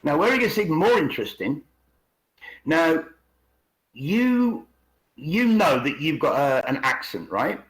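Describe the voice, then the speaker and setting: A man's voice: on the high side, big pitch swings, measured pace, pauses often, low-quality recording. A man from England talking casually as a podcast co-host, rambling and repeating words as he explains. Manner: rambling, repeats words, puts on regional accents. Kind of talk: casual conspiracy podcast chat. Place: living in China.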